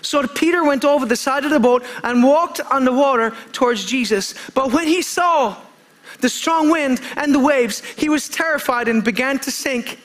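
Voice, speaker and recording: Male preacher, unusually high pitch, fervent sermon delivery with repeats and restarts. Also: moderate pace, fairly bright tone. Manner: fervent, calls for amens, repeats phrases, stumbles and restarts. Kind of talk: impassioned sermon.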